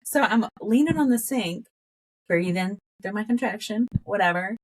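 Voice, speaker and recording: A woman's voice: mid-range voice, moderate pace, slight background noise. A woman guest on a podcast telling a story in casual conversation, laughing often and acting out what she said back then. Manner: animated, laughs often, acts out her own past words.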